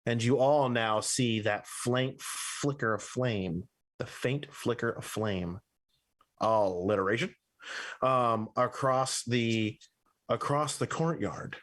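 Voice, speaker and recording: A man runs a tabletop game as its game master, narrating each scene in a voice of ordinary pitch. He rambles and corrects himself as he goes, with plenty of fillers along the way. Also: slow, a bit bright.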